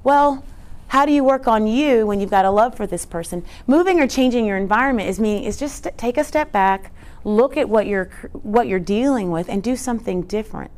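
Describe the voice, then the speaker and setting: A woman's voice: fairly high pitch, animated, a little fast, hardly any pauses, darkish tone. A woman presenting a teaching talk in an earnest, conversational way, often asking rhetorical questions. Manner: conversational, frequent rhetorical "right?"; earnest, emphatic.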